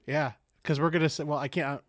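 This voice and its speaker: Man with a somewhat higher voice, playful podcast co-host, jokes and teases, dry close mic. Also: steady tone, a little fast, no room sound. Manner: joking, teasing, playful asides. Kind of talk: casual chat.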